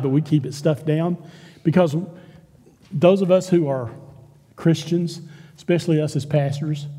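Animated pastor preaching in a reverberant hall. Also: male voice, fairly high pitch. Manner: animated preaching, acts out quoted lines. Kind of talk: sermon.

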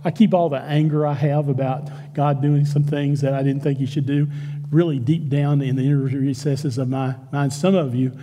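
Animated pastor preaching in a reverberant hall. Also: male voice, mid-range voice, normal speed, background noise. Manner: animated preaching, acts out quoted lines. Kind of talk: sermon.

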